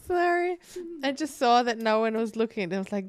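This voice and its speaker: A woman's voice: on the high side, extremely slow, long pauses, clear, resonant tone, dry recording, clean studio sound. A woman co-hosting a podcast in casual chat, laughing often and swearing casually. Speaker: podcast co-host. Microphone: streaming mic.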